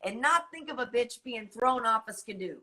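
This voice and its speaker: A woman's voice: on the high side, animated, moderate pace, pushed and bright. A middle-aged woman from Massachusetts hosting a casual chat, telling stories animatedly and laughing easily. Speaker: host. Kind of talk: casual late-night chat.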